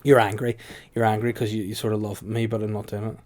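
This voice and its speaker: A man's voice: fairly low pitch, level tone, fast talker, darkish tone, a little hiss or hum. A man with a Northern Irish accent hosting a casual comedy podcast, joking around and slipping into silly voices. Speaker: podcast host.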